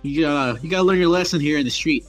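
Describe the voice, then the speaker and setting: A man voicing a jumpy, hopped-up young woman runner who talks in quick street slang. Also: a little high, faint music behind, pitched above the performer's own voice, lightly acted. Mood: hyped.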